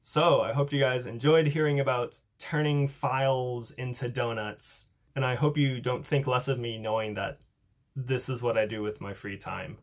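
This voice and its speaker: Young male YouTuber, casual upbeat demo voice, self-deprecating, mid-range pitch. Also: steady tone, moderate pace. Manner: chatty, upbeat, self-deprecating, filler-heavy. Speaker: YouTuber demonstrating a coding project. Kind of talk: casual tech demo vlog.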